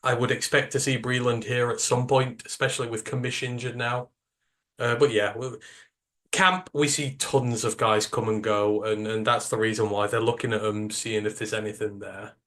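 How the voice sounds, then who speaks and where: A man's voice: mid-range voice, level tone, normal speed, fairly bright tone. A British man co-hosting a sports podcast, talking in an emphatic, opinionated way, rambling with fillers. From United Kingdom. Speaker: podcast co-host. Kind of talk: casual sports podcast chat.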